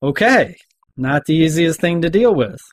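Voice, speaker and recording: A man's voice: a little high, animated, moderate pace, no room sound. A man hosting a podcast interview at an awards event, chatty and given to restarts and repeated okays. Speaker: podcast host. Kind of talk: conversational interview.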